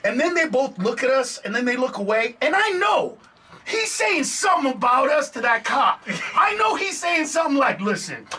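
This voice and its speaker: A man's voice: very high voice, very animated, moderate pace, sharp tone, recorded from a distance. A man who is a comedian, telling a story in a casual interview and acting out other people's voices. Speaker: comedian guest.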